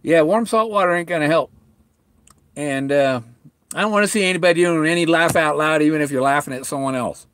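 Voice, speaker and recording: A middle-aged man chatting on a home livestream, halting and full of restarts, talking with a sore mouth after tooth extractions. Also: on the high side, a bit bright, dry recording. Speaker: vlogger talking to live viewers. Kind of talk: rambling casual livestream chat. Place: at home, indoors.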